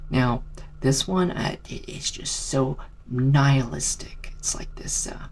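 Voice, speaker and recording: A man casually ranking favourite songs in a rambling vlog, keeping his voice down, swearing and filling pauses with ums. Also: mid-range voice, creaky, whispered. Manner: keeps voice down on purpose. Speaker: music video creator.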